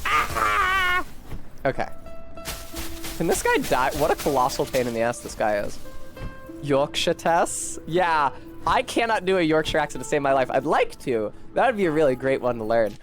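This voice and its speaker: A man's voice: a little high, sing-song, moderate pace, soft background music. Chatty streamer man, Philly-tinged. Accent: Philadelphia-tinged. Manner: talkative, info-dumping, swears casually. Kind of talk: casual chat while playing a game.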